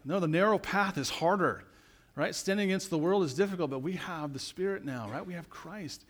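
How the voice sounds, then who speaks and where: Preaching man, asks "right?" constantly. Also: a little fast. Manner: conversational preaching with frequent "right?" tag questions; swings between loud emphatic stretches and quiet low asides. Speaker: pastor. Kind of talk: sermon.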